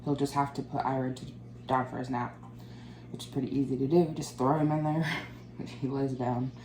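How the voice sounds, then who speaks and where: A woman's voice: extremely low pitch, flat delivery, fairly quick, warm tone. A woman in her thirties chatting casually to the camera in a vlog, rambling and laughing often. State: out of breath. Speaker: vlogger.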